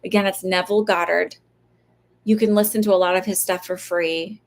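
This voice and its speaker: A woman's voice: on the low side, steady tone, moderate pace. A woman psychic medium giving casual advice, chatty and rambling, who swears and laughs easily and acts out little voices. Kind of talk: casual live-stream advice talk.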